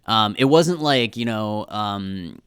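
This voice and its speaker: A man's voice: lowish voice, animated, slow pace, fairly bright tone, clear, resonant tone, no echo, clean studio sound. A young man with a Canadian accent, chatting casually as a podcast guest and telling long rambling stories full of fillers and restarts. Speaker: guest, filmmaker.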